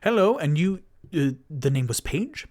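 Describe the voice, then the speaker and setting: A grand, courtly elephant-folk bard, as a man puts him on in a tabletop game, gallant and theatrical. His voice swings widely in pitch, and he unrolls his words slowly. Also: very animated, darkish tone, dry recording, studio quality. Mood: jovial.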